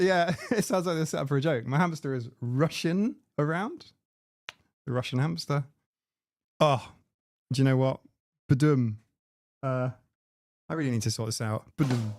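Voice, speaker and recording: Laughing at his own jokes, a livestream host rambles casually from a home room, his voice sitting on the high side. He uses a desk mic with a mixer, and the recording is dry with clean studio sound.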